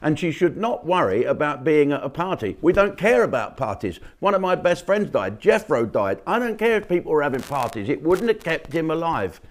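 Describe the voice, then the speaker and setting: Older comic host, blunt and mocking, rambles through a sweary opinion piece. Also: male voice, a little high, very animated, normal speed, hardly any pauses. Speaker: comedian and channel host.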